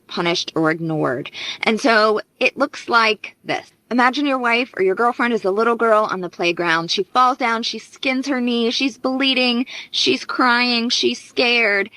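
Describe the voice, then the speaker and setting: A woman's voice: mid-range voice, fairly bright tone, no echo, rough recording. A woman relationship coach giving earnest, explanatory advice straight to camera. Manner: earnest, explanatory, acts out parents' voices. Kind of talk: direct-to-camera advice video.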